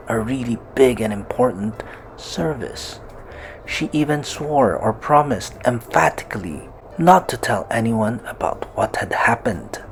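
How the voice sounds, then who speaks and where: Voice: mid-range voice, slight background noise. A storyteller reading a classic tale aloud, stopping often to restate harder words in simpler English and acting out the quoted lines playfully. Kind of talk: read-aloud storytelling with word explanations.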